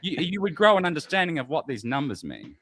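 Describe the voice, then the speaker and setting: A man's voice: a little high, wildly swooping pitch, fast, background noise. A man hosting a casual livestream, trading teasing banter with guests. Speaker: host.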